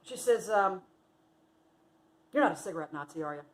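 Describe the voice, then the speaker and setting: A woman's voice: fairly low pitch, moderate pace, low-quality recording. A woman, telling a casual story about a late friend and acting out other people's lines. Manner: animated, acts out quotes loudly. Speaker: vlogger sharing memories of a friend.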